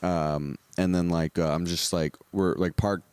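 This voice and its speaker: A man's voice: sits low, fairly even intonation, measured pace, darkish tone, clean tone, no echo. A young man hosting a podcast in casual chat, laughing often and swearing easily, a bit out of breath and tipsy. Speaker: podcast host.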